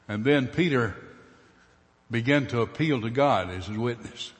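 Male preacher, mid-range voice, theatrical retelling with loud peaks and quiet asides, long reverb. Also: medium pitch, unhurried. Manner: dramatic, acts out voices, shifts from loud bursts to hushed asides. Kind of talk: sermon storytelling.

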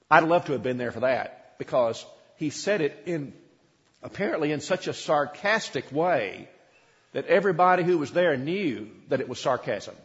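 A man's voice: a little high, expressive, normal speed, a bit bright. Male preacher retelling a story in a muffled echoing hall. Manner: conversational, repeats his words. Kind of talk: sermon storytelling.

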